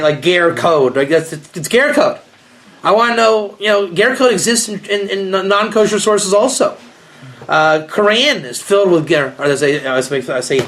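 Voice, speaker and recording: A man, a rabbi, giving a rambling, joking informal lecture to a small group and asking them questions. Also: fairly high pitch. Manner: rambling, joking, animated, asks the audience questions.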